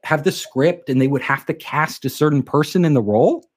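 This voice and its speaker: A man telling an anecdote in a casual interview, animated and acting out the quoted dialogue. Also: a little high, a little fast, breathy edge. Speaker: guest telling a career story.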